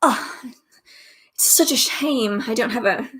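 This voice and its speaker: A young English woman hosting a casual livestream Q&A, chatty and self-deprecating, laughing often, filmed under bright lights at home. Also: on the high side, takes it slowly. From England. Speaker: witchcraft livestream host.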